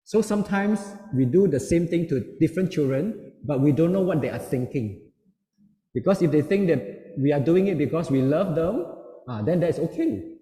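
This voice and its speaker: A middle-aged man gives a parenting seminar talk as a lively storyteller, acting out quoted voices. His voice is a bit higher-pitched with a darkish, mellow tone at normal speed, heard in an echoey hall with long reverb.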